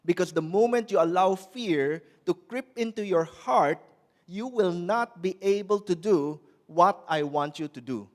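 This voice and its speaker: A man preaching a sermon in an earnest way, slowing down to press on quoted scripture and now and then restarting a word. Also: high voice. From Malaysia. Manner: repeats and restarts words. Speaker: pastor.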